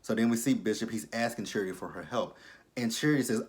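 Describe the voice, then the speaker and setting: A fairly low-pitched man talks through a TV episode in casual recap commentary. He is sassy and blunt, and he swears freely. He swings from loud, animated outbursts to quiet, muttered asides. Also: fast talker. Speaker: TV episode reviewer.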